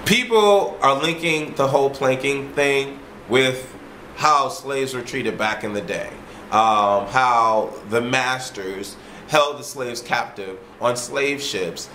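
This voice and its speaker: A man vlogging in a casual, ranting monologue. He tells his story in an animated way, swears freely and repeats himself. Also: mid-range voice, slight background noise. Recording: roomy echo.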